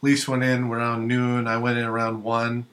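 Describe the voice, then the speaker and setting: Podcast host, adult man, mid-pitched, plain delivery. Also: monotone, moderate pace, fairly bright tone. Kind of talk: casual podcast chat. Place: podcast studio.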